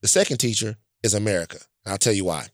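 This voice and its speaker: A man from Louisiana tells stories in a casual chat, blunt, profane and emphatic, frequently checking in with "right?". His fairly low voice is expressive and quick, captured as a dry recording with clean studio sound.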